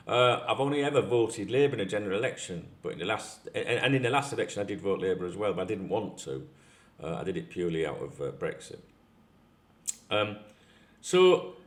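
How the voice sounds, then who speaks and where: A man hosting a football channel, talking in a casual rant with frequent restarts and swearing. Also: mid-range voice.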